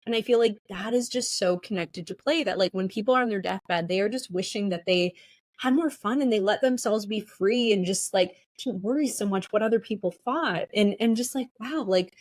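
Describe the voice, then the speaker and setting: A woman's voice: medium pitch, moderate pace, no echo. A woman guest who runs play sessions, talking in an earnest, reflective way with many casual fillers. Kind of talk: casual conversation.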